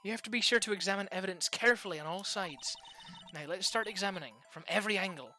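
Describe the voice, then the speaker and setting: Streamer voicing keen Irish-accented young female detective, bossy, bright. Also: medium pitch, fast talker, soft background music, close to an everyday voice. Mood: eager. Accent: put-on Irish. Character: eager young female forensic-minded detective.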